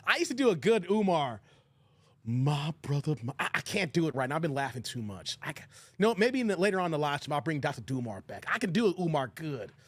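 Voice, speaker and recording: A man's voice: on the high side, dry recording. A man hosting a casual live stream, laughing often, thanking viewers and quoting movie lines. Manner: laughs often, shouts out chat donors, quotes movie lines.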